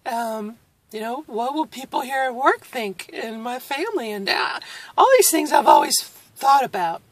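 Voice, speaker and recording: A woman in her forties records a candid video diary, her voice pitched a little high. She speaks in an emotional, halting way, close to tears and breaking into nervous laughs. Her tone stays reflective as she talks. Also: expressive, no echo. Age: 40s. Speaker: vlogger.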